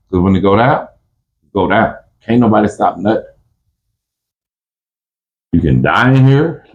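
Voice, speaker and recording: Low-voiced man with street slang. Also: highs cut off. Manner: animated, acts out both sides of fights with raised voice; street slang, frequent restarts. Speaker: podcast guest telling prison stories. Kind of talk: casual storytelling.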